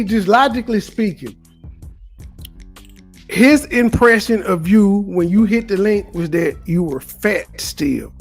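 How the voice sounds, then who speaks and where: Gravelly-voiced man doing stream commentary. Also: high voice. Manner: wry, mocking, argumentative. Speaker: streamer reacting to clips.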